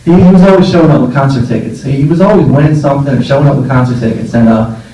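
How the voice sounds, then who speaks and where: Young man, eulogy speaker; mellow, loose and rambling, with fillers and laughs. Distant mic, booming room echo. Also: rapid-fire. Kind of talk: informal memorial speech. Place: memorial gathering room. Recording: echoey room, voice far from mic, faint noise.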